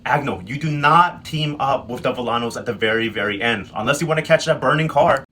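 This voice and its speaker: A man giving a sassy, slang-heavy casual recap, quickly acting out characters' lines. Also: mid-range voice, bright, forceful tone, slight background noise. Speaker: recap host. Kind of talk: casual comedic recap narration.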